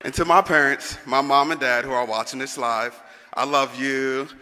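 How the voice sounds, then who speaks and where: A man's voice: medium pitch, fairly even intonation, moderate pace, very noisy. A young man, the senior class president, gives a rousing commencement speech and calls on the crowd to answer back. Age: young adult. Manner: rousing, calls on the audience to respond. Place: large arena. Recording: long echo of a big arena.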